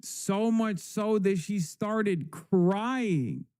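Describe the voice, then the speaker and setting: Sarcastic swearing male streamer, dark voice. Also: high-pitched, very slow, smooth, dry recording, studio quality. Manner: sarcastic, exasperated, swears a lot. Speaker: live streamer reacting to clips. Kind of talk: casual profane commentary.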